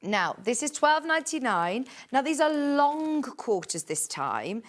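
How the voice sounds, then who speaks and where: A woman's voice: high-pitched, big pitch swings, unhurried. Lady shopping channel host, gushy chatty sales patter, reads off prices n codes. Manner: chatty, gushing, rattles off prices and product codes. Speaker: home shopping presenter. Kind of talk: live TV sales pitch.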